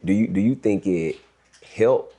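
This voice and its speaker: A man co-hosting a casual interview who asks relaxed follow-up questions. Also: on the low side, a little slow. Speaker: podcast co-host.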